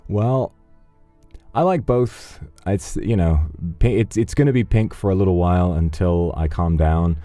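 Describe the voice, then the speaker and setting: A man's voice: low voice, dry recording. A man streaming, casually reading out donations in a teasing, flirtatious, rambling way. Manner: relaxed, rambling, with fillers.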